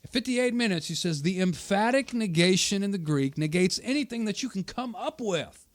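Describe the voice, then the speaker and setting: In argumentative commentary on a debate video, this channel host fights back against an opponent's quoted statements, hammering his points through repetition. He speaks at normal speed in a high, animated male voice.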